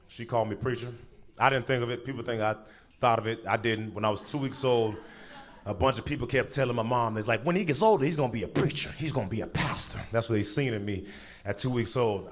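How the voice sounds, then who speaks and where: A man doing a stand-up comedy set on a club stage, animated, now and then jumping into high squealing voices for other people. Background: audience laughter.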